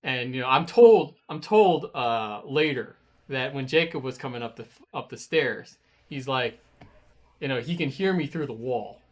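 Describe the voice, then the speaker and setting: A man telling a story in a casual studio chat, animated, with bursts of swearing as he acts out his own anger. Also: medium pitch, a little slow. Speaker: guest, web designer.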